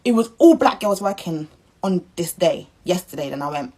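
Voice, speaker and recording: A woman's voice: medium pitch, moderate pace, rough recording. A young woman, ranting bluntly and indignantly in a casual vlog. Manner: blunt, indignant, animated storytelling. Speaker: vlogger.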